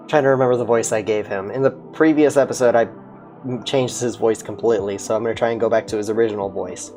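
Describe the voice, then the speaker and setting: A man's voice: lowish voice, fairly even intonation, fast, a little mellow, faint music behind. A man voicing a game, chatting aside. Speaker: game voice-over player. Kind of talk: casual aside.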